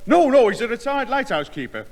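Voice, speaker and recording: An actor playing a loud, overfamiliar neighbour who laughs at his own jokes, in a vintage radio comedy. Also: very high-pitched, very animated, a little fast, in a large hall, full character voice. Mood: jovial. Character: brash, joke-cracking middle-aged neighbour. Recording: old broadcast with studio audience laughter.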